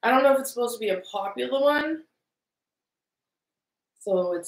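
A woman's voice: mid-range voice, fairly even intonation, moderate pace, long pauses, roomy sound, poor audio. A woman co-hosting a live stream, chatting casually and reading out movie lines, laughing at herself. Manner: chatty, self-deprecating, laughs often.

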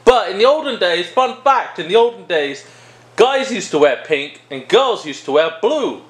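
A man talks through a casual review video with a high, bouncy voice that swoops all over. He jokes, rambles and interrupts himself as he goes. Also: very animated, normal speed. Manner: joking, rambling, self-interrupting. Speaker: video host reviewing a perfume. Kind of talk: casual product review vlog.

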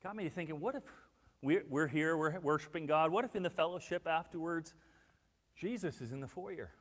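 A male pastor preaching a sermon, swinging between loud emphasis and hushed, intimate asides. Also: a little high, normal speed, in a large hall. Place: church sanctuary.

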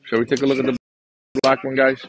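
A man from Canada talks in a chatty, upbeat way and chews gum as he walks an outdoor pigeon market. His voice sits at a middle pitch, recorded close on a handheld phone. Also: level tone, quick pace, slight background noise. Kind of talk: casual walk-around vlog. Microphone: handheld phone camera.

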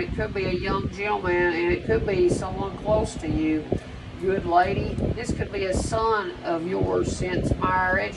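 Gravelly-voiced woman doing a rambling card reading. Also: medium pitch, noisy background. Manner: rambling and profane, addresses viewers directly. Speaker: spiritual card reader. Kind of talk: casual oracle card reading to viewers.

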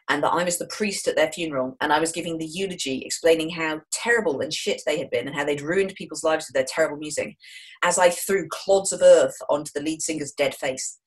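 A middle-aged Englishwoman from Wolverhampton in the Midlands, an author and screenwriter appearing as a guest, speaks in a deep, low voice at a fast clip. She's enthusiastic and jokey throughout the interview, often slipping into playful voices as she tells her anecdotes.

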